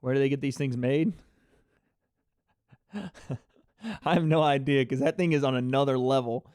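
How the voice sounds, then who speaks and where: A man hosting a live fight reaction stream, excitable and chatty, talking to his chat viewers. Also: medium pitch, measured pace, no echo, clean studio sound. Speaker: livestream host.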